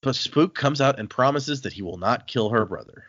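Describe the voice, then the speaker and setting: A man co-hosting a book-club podcast, recapping chapters with animated, exasperated asides. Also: mid-range voice, moderate pace, no room sound, muffled recording. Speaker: podcast co-host. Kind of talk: casual book-club chat.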